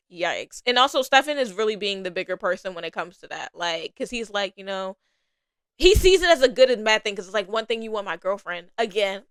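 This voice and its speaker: A young adult woman hosting a casual TV review podcast, animated and swearing casually, laughing often between her thoughts. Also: mid-range voice, smooth, dry recording. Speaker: podcast host.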